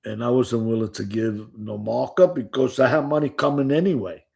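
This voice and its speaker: A man's voice: medium pitch, normal speed, vocal fry, darkish tone. An older man telling stories from his past in a rambling, profane, casual way, often saying "you know.". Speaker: former gambler recounting his past. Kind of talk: casual storytelling.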